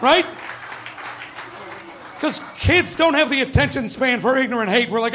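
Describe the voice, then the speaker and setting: High-voiced brash stand-up comic man. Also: moderate pace, long pauses, bright, forceful tone, a faint crowd. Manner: brash, profane, acts out quoted voices. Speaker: stand-up comedian. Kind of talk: stand-up comedy set. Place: comedy club stage with audience.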